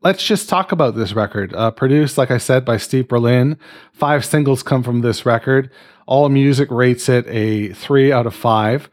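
A man's voice: medium pitch, normal speed. A man from Canada hosting a casual podcast, chatting in a jokey, playfully wordy way. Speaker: podcast host.

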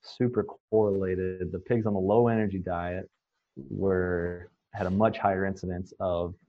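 A man's voice: sits low, steady tone, moderate pace, dry recording, dull audio. A man guest on a podcast, telling long anecdotes in a rambling, casual way with many fillers and restarts. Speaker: swine nutrition guest. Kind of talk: casual storytelling in a podcast interview.

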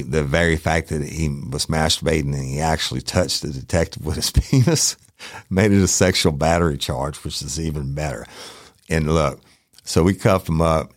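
A man's voice: a bass voice, dry recording, studio quality. A middle-aged man with a Louisiana accent, a former detective hosting a podcast, telling a story casually with cursing and laughter. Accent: Southern US, Louisiana. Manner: profane, laughing, animated retelling with quoted voices.

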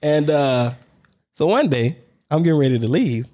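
A man co-hosting a casual podcast, telling a story with lively pitch swings and acted-out quotes. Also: normal speed. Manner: animated storyteller, acts out quoted voices, laughs between lines. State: on crutches. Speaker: podcast co-host.

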